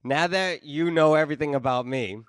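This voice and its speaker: A man's voice: on the high side, brisk, no room sound, clean studio sound. A man hosting a podcast with a New England accent, chatting casually and enthusiastically, swearing freely and calling his guest dude. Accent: New England (Boston). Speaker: podcast host.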